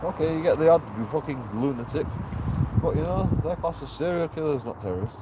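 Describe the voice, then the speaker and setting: A man's voice: a little high, animated, brisk, heavy background noise. A man ranting heatedly and swearing constantly as he walks down a town street vlogging. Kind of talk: walking street vlog rant.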